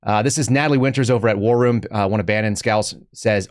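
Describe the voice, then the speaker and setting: A man's voice: lowish voice, quick pace, few pauses, no room sound, clean studio sound. A man hosting a live podcast, giving casual political commentary in a sarcastic, rambling way with joking asides. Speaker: podcast host.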